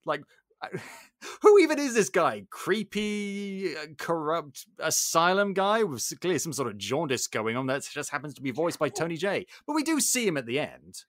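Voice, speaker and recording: A man's voice: a little high, big pitch swings, normal speed, fairly bright tone, no echo, clean studio sound. A man hosting a casual podcast, animatedly retelling a film plot and acting out its characters. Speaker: podcast host.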